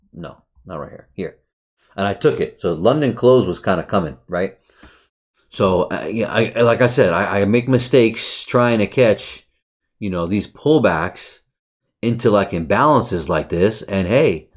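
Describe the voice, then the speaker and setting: Male trading coach, casual screen-share chart talk, low voice with big swings, profane and hyped. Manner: profane, excitable, rhetorical questions. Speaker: trading educator.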